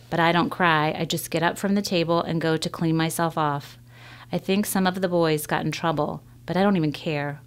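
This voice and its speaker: A woman reading a children's novel aloud in a measured first-person storytelling manner. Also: deep voice, fairly even intonation, smooth. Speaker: reader.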